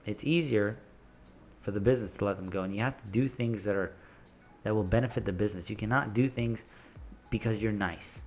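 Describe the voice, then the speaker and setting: A man who runs a landscaping business, giving blunt, animated business advice and stories in a casual vlog. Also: fairly low pitch, fairly quick, faint music behind.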